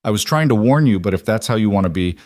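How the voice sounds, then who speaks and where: A man's voice: fairly low pitch, lively intonation, fast talker, a little mellow, dry recording, clean studio sound, natural voice. A man voicing a nervous middle-aged farmer who talks in a hesitant, placating way.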